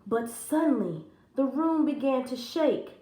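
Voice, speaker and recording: A woman teacher reads a children's story aloud slowly and expressively. Her voice sits fairly high and swings widely. The room around her is roomy and echoing. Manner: expressive and animated. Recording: roomy echo.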